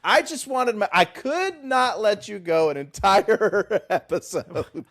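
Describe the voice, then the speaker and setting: Animated, teasing man, lively pitch. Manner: animated, laughs often, teasing. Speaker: podcast co-host. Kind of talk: casual book chat.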